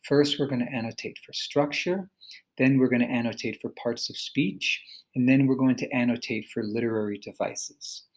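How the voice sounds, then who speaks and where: Young man, teacher voice, recorded lesson narration; patient, spells words out slowly, mid pitch. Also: fairly even intonation, poor audio. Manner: patient, slows down to sound out words.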